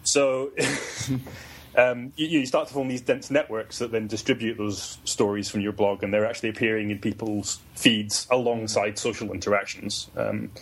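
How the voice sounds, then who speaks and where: Scottish guy, young, husky, talks casual with lots of restarts. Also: fairly low pitch, little pitch movement, normal speed. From Scotland. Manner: hesitant, many restarts, laughs easily. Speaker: guest. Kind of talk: casual conversation.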